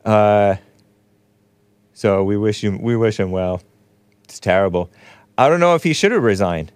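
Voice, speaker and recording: A man's voice: fairly low pitch, a little slow, a little mellow, clean tone, no room sound. A man in his forties hosting a show, giving casual, wry commentary on news clips with sarcastic asides. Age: 40s. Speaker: host.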